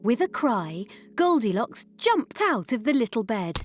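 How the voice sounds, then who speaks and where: A woman reading a children's story aloud in a slow, clear, expressive way. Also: a little high, a little hiss or hum.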